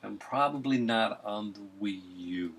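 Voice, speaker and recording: A man's voice: fairly low pitch, a little slow, gravelly, a bit bright, poor audio. A man hosting a casual group chat, rambling, joking and laughing often. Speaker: podcast host.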